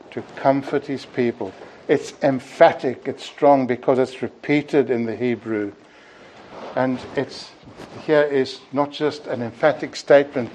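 A man preaching an evening sermon in an earnest, deliberate way, often closing his points with "you see". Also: medium pitch, a little mellow, rough recording.

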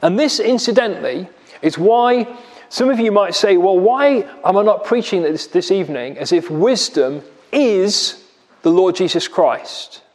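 High-voiced preacher in a reverberant church. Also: male voice, lively intonation, a little slow, a little mellow. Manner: expository, rhetorical questions, vivid retelling. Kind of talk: sermon.

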